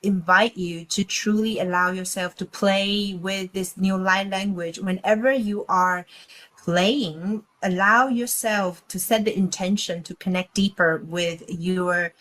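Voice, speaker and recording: A woman, a guest channeler, giving spiritual talk slowly and haltingly, speaking as a collective "we". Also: medium pitch, steady tone, fairly bright tone, poor audio.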